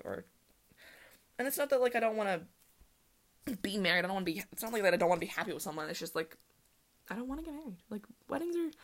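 Young woman rambling on her podcast, talks super fast, lots of like, creaky fry voice. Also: fairly high pitch, a bit bright. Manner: fast, rambling, full of "like" and laughter. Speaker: podcast host. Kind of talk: casual solo podcast chat.

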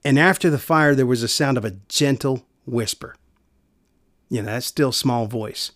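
A man's voice: medium pitch, moderate pace, no echo. Earnest preacher man, dry close sound. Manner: earnest, repeats key phrases, drops to a hush for quiet lines. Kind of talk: sermon.

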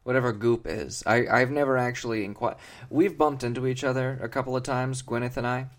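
A man co-hosting a comedy podcast, rambling on in a mock-earnest, deadpan way with many fillers. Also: mid-range voice, fairly quick. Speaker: podcast co-host.

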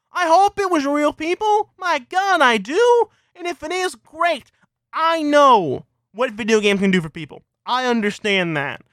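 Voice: mid-range voice, a bit bright, dry recording, clean studio sound. A gaming commentator ranting heatedly, swearing constantly and firing off rhetorical questions.

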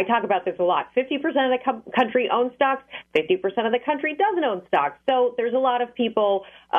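A woman giving a live radio market report, clear and explanatory. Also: fairly low pitch. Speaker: financial correspondent. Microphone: phone line. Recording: tinny phone line.

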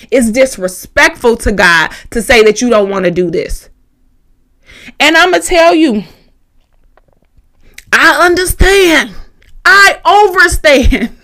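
A woman's voice: sits high, bright, forceful tone. A woman speaking on a podcast, giving an impassioned faith testimony, preacherly and direct, repeating key phrases, tearful at times.

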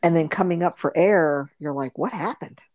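A woman co-hosting a casual podcast, an animated storyteller who acts out quotes. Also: deep voice, moderate pace. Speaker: podcast co-host.

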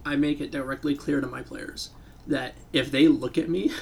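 A man's voice: medium pitch, steady tone, moderate pace, gravelly, a little mellow, a little hiss or hum. A man explaining how he runs his games, emphatic and repeating himself as he goes. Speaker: game master. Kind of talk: casual podcast chat.

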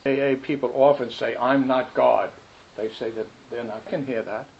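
A man giving a rambling, animated spiritual talk, telling stories with quick asides. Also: mid-range voice, vocal fry. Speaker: spiritual teacher. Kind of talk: dharma talk with questions. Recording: muffled lo-fi recording with faint noise.

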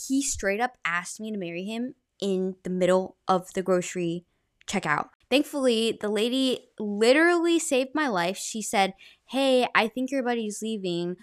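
A woman's voice: medium pitch, dry recording, studio quality. A young woman hosting a podcast, telling a story in a casual, chatty way with plenty of "like" fillers. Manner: chatty, filler-heavy retelling with frequent "like". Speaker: podcast host.

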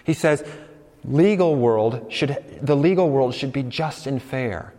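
Animated preacher with a hall echo. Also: male voice, medium pitch, takes it slowly. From United States. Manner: conversational and animated, acting out quoted voices. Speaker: pastor. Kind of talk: sermon.

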